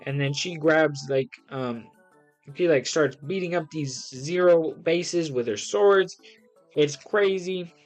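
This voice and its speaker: Excitable man rambling through a comic review. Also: a little high, takes it slowly, soft background music, low-quality recording. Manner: excitable, rambling with many ums and restarts. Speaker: comic reviewer streaming live. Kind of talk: casual live comic review.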